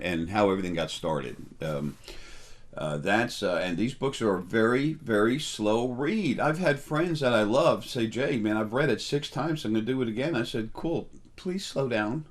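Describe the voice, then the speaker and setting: A middle-aged man giving a casual, rambling spiritual talk, full of fillers and restarts. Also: on the low side. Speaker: spiritual teacher.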